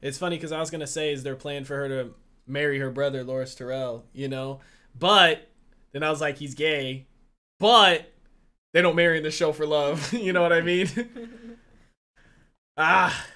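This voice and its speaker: A man giving casual, excitable reaction commentary, loud and full of swearing. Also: on the high side, normal speed, long pauses. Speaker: reaction video host. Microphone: desk microphone.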